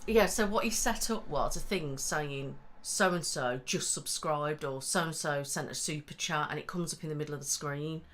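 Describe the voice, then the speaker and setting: Woman host, lowish voice, lively, quick to laugh, casual chat.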